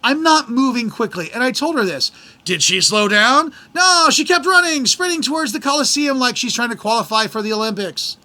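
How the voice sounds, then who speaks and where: A middle-aged American man hosting a podcast, telling a travel story in an animated, exasperated way and acting out the people in it. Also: sits high. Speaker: podcast host. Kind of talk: casual storytelling.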